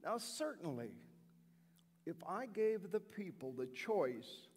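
An actor playing a remorseful Roman governor who justifies himself in a dramatic first-person monologue, his delivery earnest, swinging from shouts to hushed tones. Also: high-pitched, very animated, takes it slowly, husky, in a large hall, heavily acted. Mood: defensive.

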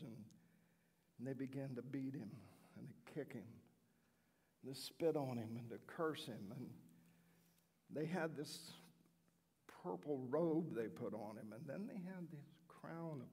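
An actor playing a remorseful Roman governor who justifies himself in a dramatic first-person monologue, his delivery earnest, swinging from shouts to hushed tones. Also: medium pitch, slightly rough, big-room sound, exaggerated voice. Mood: grim.

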